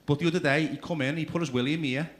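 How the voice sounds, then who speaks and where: A man's voice: fairly high pitch, fairly even intonation, very fast, noisy background. A man doing a stand-up comedy routine, telling crude stories and throwing asides to the crowd. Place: comedy club stage.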